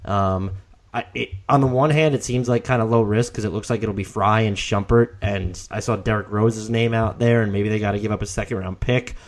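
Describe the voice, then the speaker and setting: A young man co-hosting a casual podcast, animated, often restarting his sentences. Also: fairly low pitch, a little fast. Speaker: podcast co-host.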